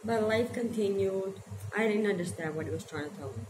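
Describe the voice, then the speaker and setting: A woman in her forties telling her life story to camera, halting and emotional as she holds back tears. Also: mid-range voice. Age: 40s. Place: her small shop by the ocean, indoors. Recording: echoey room with background noise.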